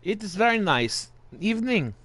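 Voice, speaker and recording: A man's voice: sits high, very animated, normal speed, fairly bright tone, slight background noise. A male host of a live-streamed wrestling game show, putting on a jokey Italian-style accent and chatting casually with viewers, with the odd swear. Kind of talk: playful live-stream commentary.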